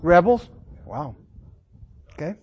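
Man, fairly high voice, Bible study teacher, conversational, verse-by-verse explanation. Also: lively intonation, slow, breathy edge, dull audio. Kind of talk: informal Bible class teaching.

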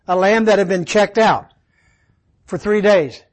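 A man's voice: high voice, measured pace, low-quality recording. A man teaching a Bible study, quizzing his listeners with questions and repeating key words for emphasis.

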